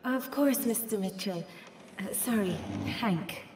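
A woman's voice: mid-range voice, slow, far from the mic, slight background noise, close to an everyday voice. Game role: actress playing a friendly young woman, chatty and easy-going. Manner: warm, lightly laughing small talk.

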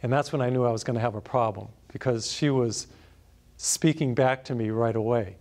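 A man's voice: mid-range voice, brisk, a little mellow. A man, a priest, preaching a sermon through a personal anecdote, storytelling animatedly and laughing at himself.

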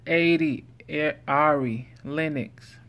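A man vlogging, reading out a numbered list slowly and deliberately, with playful silly asides. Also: on the high side, steady tone, vocal fry, fairly bright tone.

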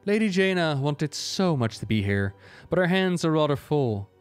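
A man's voice: on the high side, very animated, normal speed, clear, resonant tone, no room sound, soft background music. A man reading a story aloud, voicing an eager, polite young woman in a raised, earnest, courteous voice. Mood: concerned.

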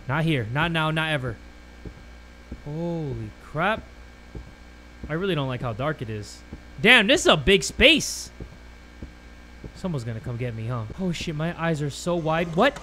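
A man giving loud, jumpy commentary on a horror game, swearing and joking through his fear. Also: fairly high pitch, sing-song, unhurried, pauses often, slight background noise. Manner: jumpy, swears a lot, yells at monsters then jokes. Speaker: gaming YouTuber.

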